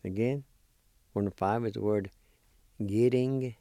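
Slow, deep-voiced man teaching spelling. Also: dark tone, dry recording, studio quality. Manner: slow, deliberate, spells letter by letter. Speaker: language teacher. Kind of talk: spelling and pronunciation lesson.

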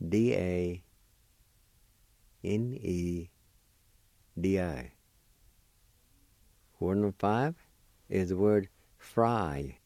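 A man teaching a language lesson, spelling and pronouncing words slowly and patiently, letter by letter. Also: low voice, creaky, dark tone, no room sound. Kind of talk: slow spelling and pronunciation lesson.

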